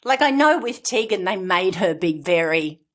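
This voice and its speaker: A woman's voice: mid-range voice, animated, moderate pace. A woman from Brisbane with an Australian accent, co-hosting a casual podcast chat. She laughs a lot and trails off mid-sentence. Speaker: podcast co-host.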